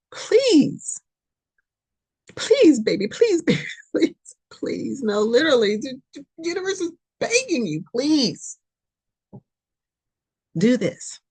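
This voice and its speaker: A woman hosting a spiritual podcast gives an impassioned, pleading reading that repeats itself, swinging between loud urging and soft near-whispers. Her voice is mid-range and husky.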